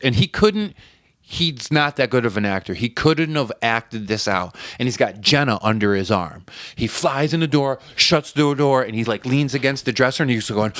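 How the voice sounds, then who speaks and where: A man's voice: medium pitch, fairly bright tone, no room sound, studio quality. A man from Connecticut telling a story as a podcast guest in casual, profane chat. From New Haven, Connecticut.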